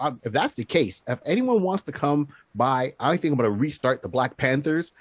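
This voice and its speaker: A man's voice: mid-range voice, normal speed, husky, dry recording. A man co-hosting a comedy podcast, chatting casually, laughing a lot and acting out the voices of people he quotes. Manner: animated, laughing often, acts out quoted voices.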